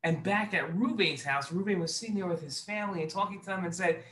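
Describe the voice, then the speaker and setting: A man hosting a children's show, telling a story and acting out the characters with lively voices. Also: a little high, fast talker, few pauses. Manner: animated, acts out characters in raised voices. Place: synagogue video set.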